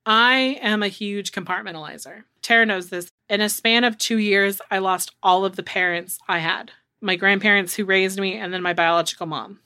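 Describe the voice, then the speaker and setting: A woman's voice: mid-range voice, bright, forceful tone, clean tone, no room sound. A woman in her thirties co-hosting a podcast, talking frankly in casual chat, swearing and saying "like" a lot. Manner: frank and candid, swears, heavy use of "like". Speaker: podcast co-host.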